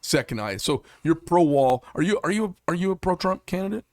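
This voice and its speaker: A man's voice: high-pitched, animated, brisk, no echo, studio quality. A man hosting a casual interview, rambling with many hesitations and blunt, profane remarks. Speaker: podcast host.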